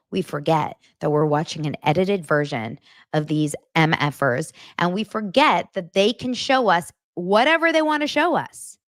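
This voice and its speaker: A woman's voice: fairly low pitch, dry recording, studio quality. A woman hosting a casual gossip show, talking bluntly and swearing freely. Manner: animated, blunt, swears freely, acts out quotes in voices. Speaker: podcast host recapping reality TV.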